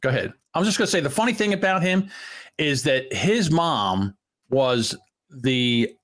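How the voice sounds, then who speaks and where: Male podcast co-host, animated pitch, crude and mocking, rants easily. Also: unhurried. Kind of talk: casual comedic banter.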